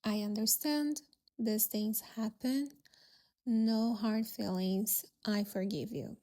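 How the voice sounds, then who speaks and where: A woman voicing a calm, wealthy male party host who explains things patiently and matter-of-factly. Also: fairly high pitch, takes it slowly. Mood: calm firm.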